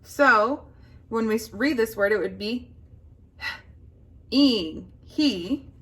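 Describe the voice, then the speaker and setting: A woman teaching a phonics lesson to young children, slowly sounding out words and prompting the class to answer. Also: on the high side, animated, fairly bright tone, slightly rough.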